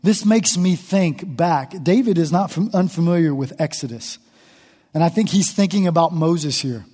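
A man's voice: a little high, moderate pace, warm tone, breathy edge, in a large hall. A man preaching an impassioned sermon as pastor, voicing the psalmist's laments with feeling. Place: church sanctuary.

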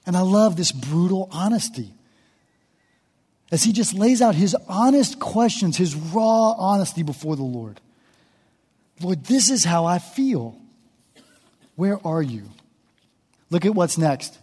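A man's voice: high voice, sing-song, measured pace, long pauses, mellow, husky, in a large hall. A man preaching an impassioned sermon as pastor, voicing the psalmist's laments with feeling. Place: church sanctuary.

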